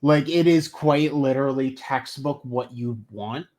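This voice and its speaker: A podcast co-host giving measured commentary in a casual recap chat. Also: mid-range voice, a little mellow.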